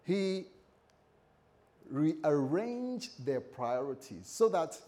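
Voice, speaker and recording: Animated preaching man, voice a bit high. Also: drawn-out words. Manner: animated preaching, acting out scripture voices, joking asides. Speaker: pastor. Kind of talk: sermon.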